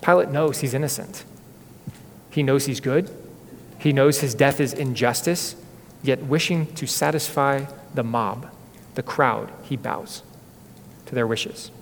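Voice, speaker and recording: Earnest pastor preaching in an echoey hall. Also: male voice, medium pitch, a little slow, gravelly, long pauses, slight background noise. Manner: earnest, dramatic storytelling. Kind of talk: sermon.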